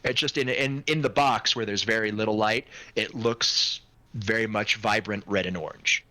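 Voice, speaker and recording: A man's voice: fairly low pitch, fairly even intonation, normal speed, sharp tone, no echo. A man playing in an online tabletop role-play, thinking aloud with restarts over a home microphone. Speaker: player. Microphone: home microphone on voice chat.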